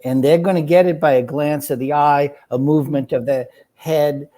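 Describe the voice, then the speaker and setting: A man's voice: fairly high pitch, steady tone, moderate pace, mellow. A man being interviewed as a guest, explaining his ideas in a reflective, conversational way. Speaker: guest, children's book author.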